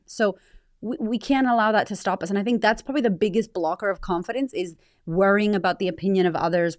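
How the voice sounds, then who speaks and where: A woman in her thirties, talking frankly and reflectively as an interview guest, with quick bursts and casual swearing. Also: mid-range voice, a little mellow, no room sound, studio quality. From United States. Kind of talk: candid conversational interview.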